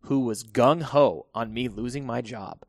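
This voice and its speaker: Speaking in a mid-range voice at a measured pace, a firefighter guest shares stories in a laid-back podcast conversation. He laughs frequently and restarts sentences, and the studio-quality recording has no echo.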